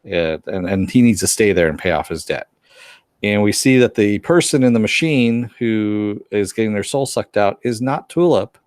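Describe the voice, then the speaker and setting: A man's voice: fairly low pitch, normal speed, darkish tone, no echo, clean studio sound. A man co-hosting a casual review chat, retelling scenes and briefly acting out the characters' lines. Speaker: podcast co-host reviewing a TV episode.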